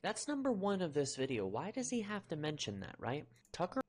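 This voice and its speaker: Very low-voiced indignant woman. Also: huge pitch swings, fairly quick, darkish tone. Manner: indignant, ranting. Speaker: video commentator. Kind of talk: angry video commentary.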